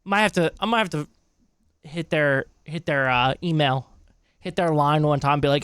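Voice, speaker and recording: A young man chats casually on a live stream, rambling from one thought to the next with plenty of swearing. His voice is a touch high and smooth, and the sound is dry and close. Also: normal speed, fairly bright tone, no echo. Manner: rambling, loose and chatty, swears often. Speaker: streamer reacting to videos.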